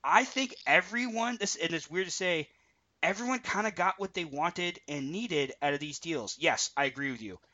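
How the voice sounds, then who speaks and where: A man co-hosting a sports podcast, giving opinionated, animated takes in casual chat over dull lo-fi audio. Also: a little high, moderate pace. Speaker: podcast co-host.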